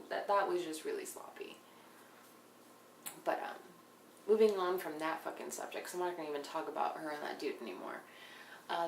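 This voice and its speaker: A young woman recapping a reality show in a blunt, casual way, swearing often and sometimes dropping into hushed asides. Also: fairly low pitch. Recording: echoey room, faint background noise.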